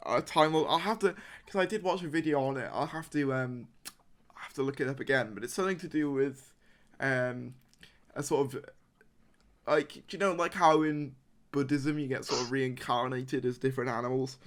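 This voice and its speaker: A man's voice: mid-range voice, normal speed. A man hosting a casual podcast chat, rambling with lots of fillers and laughs. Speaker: podcast host.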